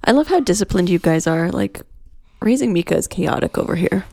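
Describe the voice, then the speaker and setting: A woman's voice: lowish voice, animated, brisk, gravelly, warm tone, no room sound, studio quality. Chatty upbeat woman podcast co-host. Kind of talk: casual podcast chat.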